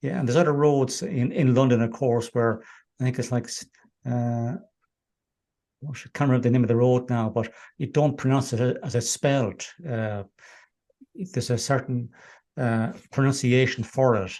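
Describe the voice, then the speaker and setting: A man hosting a podcast, asking questions and chatting in a relaxed way with hesitant fillers. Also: medium pitch, normal speed. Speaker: podcast host. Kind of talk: interviewing.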